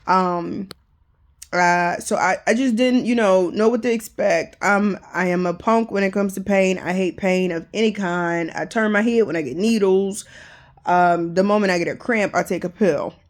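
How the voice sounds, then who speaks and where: A young adult woman talks straight to the camera in a casual vlog, candid and full of fillers. She tells her story emphatically, her voice sitting in an ordinary middle pitch. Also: normal speed. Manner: candid, chatty, lots of fillers; emphatic, animated retelling. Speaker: vlogger.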